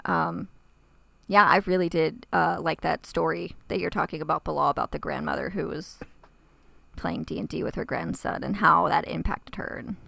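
A woman's voice: sits low, steady tone, moderate pace, creaky, fairly bright tone, no room sound. A woman co-hosting a podcast, chatting casually and gushing with enthusiasm. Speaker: podcast co-host. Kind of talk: casual chat.

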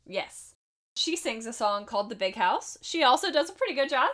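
A woman's voice: fairly high pitch, very animated, moderate pace, a bit bright. Sex: woman. Role: podcast co-host. Style: casual chat recapping a film. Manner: chatty and laughing, with asides.

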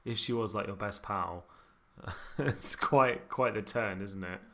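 Male co-host, lowish voice with a bright edge, dry humor, casual chat. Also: takes it slowly. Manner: dry wit, chatty with fillers. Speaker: podcast co-host.

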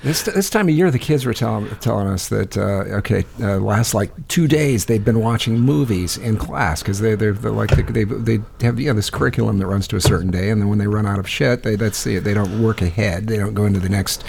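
A man's voice: lowish voice, fairly quick, vocal fry, hardly any pauses, darkish tone, a little hiss or hum. A man in his forties, a podcast co-host, talking in a rambling casual way. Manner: rambling, lots of uh and restarts. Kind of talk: casual chat.

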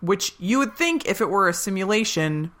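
With a fairly bright, mid-range voice and lively energy, a woman co-hosting a podcast walks through scenes and repeats quoted lines. Her talk is casual recap chat at a regular speed.

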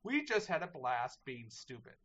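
A man's voice: mid-range voice, sing-song, normal speed, fairly bright tone, highs cut off. A man in casual podcast chat about games, earnestly explaining his reasons.

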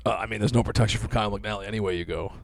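A man's voice: on the low side, fairly even intonation, rapid-fire, vocal fry, slight background noise. A man in casual banter, laid-back and profane, rambling with lots of fillers.

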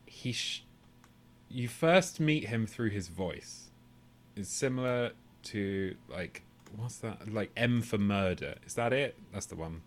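A man's voice: lowish voice, animated, takes it slowly. A man co-hosting a podcast, talking casually in long rambling, tangential stretches with the odd swear. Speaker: podcast co-host. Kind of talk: casual chat.

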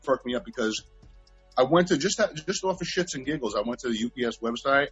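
Husky fast-talking man telling stories. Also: mid-range voice, lively intonation, fairly bright tone, no room sound, lo-fi sound, faint music behind. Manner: profane, rambling storyteller. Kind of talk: casual storytelling chat. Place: at home.

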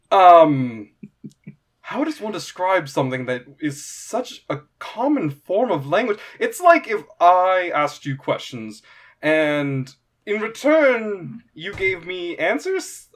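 A man voicing an excitable, fawning male arena announcer who rambles eagerly. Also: high voice, pitched above the performer's own voice. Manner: gushing, breathless fan, rambling.

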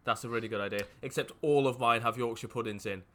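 A man's voice: mid-range voice, fairly even intonation, fast talker, a loud crowd. A man co-hosting a casual podcast chat, playful and joking. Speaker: podcast co-host.

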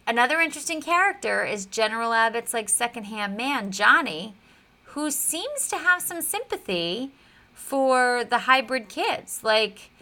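A woman co-hosting a podcast, retelling a TV episode in a chatty, animated way with plenty of fillers. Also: fairly high pitch, a little slow. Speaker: podcast co-host. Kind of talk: casual recap of a TV episode.

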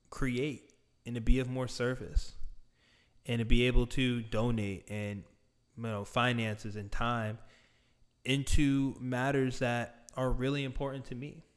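A man speaks straight to his audience in an earnest, deliberate monologue with a smooth, resonant voice. His pitch stays fairly flat, and he leans on key words by slowing and stretching them. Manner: deliberate, emphatic, with drawn-out stressed words. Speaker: speaker addressing viewers. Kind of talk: earnest direct-address monologue.

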